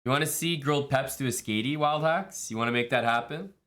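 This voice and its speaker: A man's voice: mid-range voice, brisk, a bit bright. A man streaming live, chatting casually with viewers and thanking them, laid-back and jokey. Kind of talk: casual stream chat, reading viewer messages.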